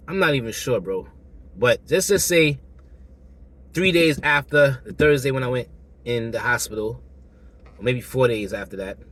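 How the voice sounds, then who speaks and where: A man vlogging to camera, his voice husky and worn, with his throat still not healed. He talks casually in loose slang, circles back over his points and acts out both sides of conversations. His pitch sits in an ordinary middle range. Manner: loose, slangy, repeats himself, animated retellings. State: hoarse, throat still recovering. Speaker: vlogger telling a personal story.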